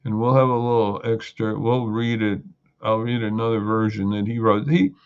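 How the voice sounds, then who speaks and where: A man's voice: on the low side, steady tone, moderate pace, smooth. A man hosting a show, giving a hesitant, casual introduction with many restarts. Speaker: show host. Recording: dull lo-fi sound.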